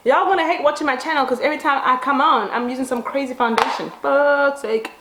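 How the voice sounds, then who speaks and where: Animated woman telling a story with lots of swearing. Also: sits high, fast, noisy background. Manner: animated, dramatic, swears casually. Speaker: beauty vlogger. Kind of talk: casual get-ready-with-me storytelling. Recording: roomy echo.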